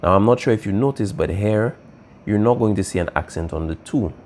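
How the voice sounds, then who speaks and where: Brisk and a little mellow, a man's low-leaning voice guides a language class over slight background noise. The Spanish teacher is patient, restates key ideas, and keeps checking in with "all right?"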